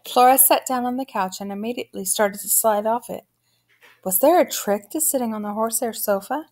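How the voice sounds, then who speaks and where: A woman reading a children's novel aloud in a steady storytelling manner. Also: a little high, brisk. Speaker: audiobook narrator.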